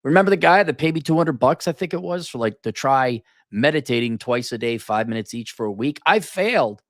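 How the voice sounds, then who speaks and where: A man's voice: medium pitch, expressive, brisk, no room sound, clean studio sound. An older man in a casual opinion monologue, blunt and profane, often acting out mocking quotes in a raised, exasperated voice. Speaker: commentator.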